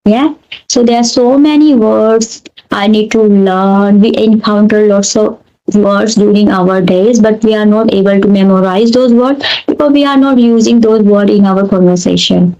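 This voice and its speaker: A woman's voice: mid-range voice, normal speed, dark tone, lo-fi sound. A woman with an Indian accent, an English teacher, talking earnestly in a casual conversation and explaining with repeated examples.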